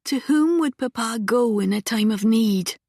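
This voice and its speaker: A woman's voice: on the high side, lively intonation, unhurried, a little mellow, dry recording, studio quality, voice pushed up. A woman reading an audiobook voices a determined young woman who speaks in a firm, urgent way.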